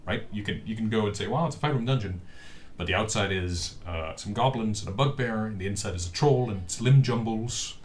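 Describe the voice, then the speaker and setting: A man with a low voice chats casually on his live stream. He rambles, restarts and fills gaps with "uh." His voice comes through a webcam microphone with a faint hiss behind it. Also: a little fast, few pauses. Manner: rambling, with many fillers and restarts. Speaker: streamer host.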